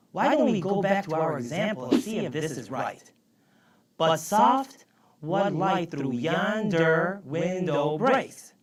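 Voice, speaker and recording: A woman's voice: medium pitch, darkish tone, close to an everyday voice. A woman explaining a lesson in a chatty, upbeat teaching manner. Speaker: explainer on the show. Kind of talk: educational explanation. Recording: echoey and distant.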